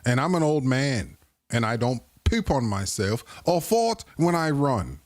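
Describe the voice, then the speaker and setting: A live-stream host with a fairly high, very animated voice reacts to clips slowly, with no echo in the audio. He's playful and cracks crude jokes, repeatedly breaking into laughter throughout the casual commentary.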